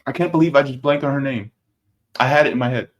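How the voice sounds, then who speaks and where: A man's voice: mid-range voice, fast. A man commenting on a video clip in casual political talk, emphatic and repetitive, tossing in "right?" and "baby".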